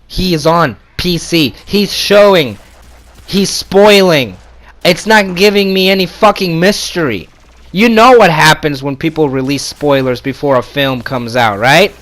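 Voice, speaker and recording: A man's voice: sits high, a bit bright. A man ranting in anger with constant swearing, repeating himself and turning sarcastic as he complains. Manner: heated, swearing, repetitive, sarcastic. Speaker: gamer ranting on video. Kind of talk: angry profane rant. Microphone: console capture mic.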